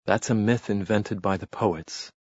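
A devoted English gentleman, voiced by a male narrator speaks in soft, measured tones. The voice is deep and husky. The recording is dry and a bit dull. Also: no room sound. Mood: tender.

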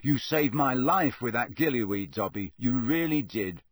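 An earnest teenage boy wizard speaking plainly and directly, as a male narrator voices him, in a husky voice at a middle pitch. The recording is dry, with no room sound. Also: lively intonation, moderate pace, no echo, lightly acted. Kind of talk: audiobook character voice.

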